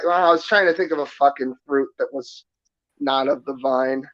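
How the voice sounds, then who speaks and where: A man's voice: medium pitch, moderate pace, fairly bright tone. Profane, sarcastic man from New York. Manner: defensive, profane, sarcastic rant. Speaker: stream guest. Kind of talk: heated casual chat. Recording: dull lo-fi stream audio.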